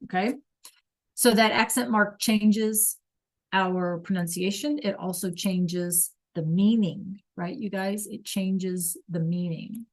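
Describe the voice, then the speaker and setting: A woman teaching a class over a video call, explaining slowly and patiently and checking in with "okay?" all the time. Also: medium pitch, steady tone. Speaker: Spanish teacher.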